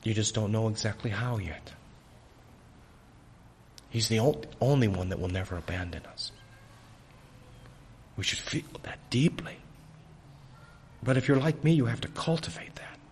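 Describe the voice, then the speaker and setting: A fairly low-voiced man preaching a sermon while he keeps hiccuping, his throat raw. He speaks earnestly and haltingly, restarting his phrases, with a faint hum of noise behind him. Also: lively intonation, a little mellow.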